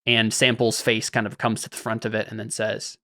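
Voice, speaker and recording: A man's voice: fairly low pitch, completely flat delivery, brisk, pushed and bright, no echo, clean studio sound. Man rambling through game-master narration. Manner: loose, rambling narration full of fillers.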